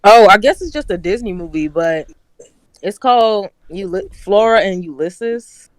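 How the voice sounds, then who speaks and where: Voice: medium pitch, expressive, measured pace, no room sound. A podcast co-host talking casually over an online call that keeps cutting out, chatty and trailing off when unsure. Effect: glitchy online call audio that cuts out. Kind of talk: casual chat.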